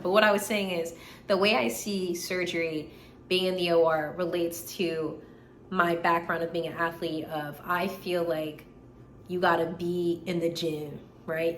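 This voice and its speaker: A woman in her twenties, a medical student vlogging in a casual, animated way, tired and still recovering from being sick, with lots of fillers and repeated words. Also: on the low side. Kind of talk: casual chat. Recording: echoey room, faint background hiss.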